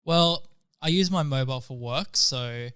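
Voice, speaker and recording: A man's voice: mid-range voice, a little slow, fairly bright tone, clean tone. A young man on a podcast, giving short, dry answers in casual chat. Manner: laconic, dry remarks.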